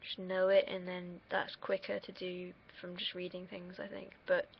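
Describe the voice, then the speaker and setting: A woman's voice: lowish voice, completely flat delivery, moderate pace, vocal fry, husky. A young woman rambling casually on a livestream, drifting off on tangents and swearing now and then. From United Kingdom. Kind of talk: casual rambling stream chat. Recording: dull lo-fi stream mic.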